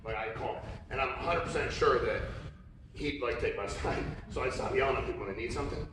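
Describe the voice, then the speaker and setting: A man with a medium-pitched voice talks fast while giving a storytelling keynote, animatedly voicing the people in his tales. He's in a large conference hall, recorded echoey and from far off against a noisy background.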